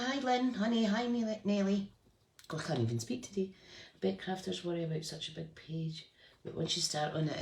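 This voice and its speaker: Chatty low-voiced woman crafting live. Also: a little hiss or hum. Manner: chatty, thinks aloud and hums while working; greets viewers by name mid-task. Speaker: craft host. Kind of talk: live scrapbooking demonstration.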